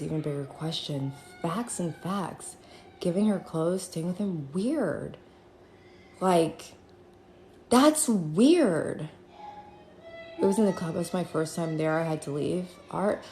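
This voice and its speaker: Lady ranting on her live from home, slow drawl, gossipy, roomy echo and faint hum behind. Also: lowish voice. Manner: gossipy, animated, breaks into sing-song bits. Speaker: live streamer. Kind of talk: rambling casual live-stream chat.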